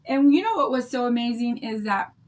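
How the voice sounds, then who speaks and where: An older woman, hosting a craft livestream, chats happily to her viewers and tells stories in a bubbly, rambling way. Her voice is slightly high for a woman, expressive, and a bit quick.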